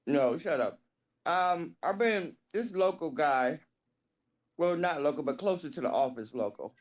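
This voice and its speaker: A woman's voice: low voice, unhurried. Chatty woman telling a funny story. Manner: chatty, animated, acting out voices. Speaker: podcast co-host. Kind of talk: casual storytelling.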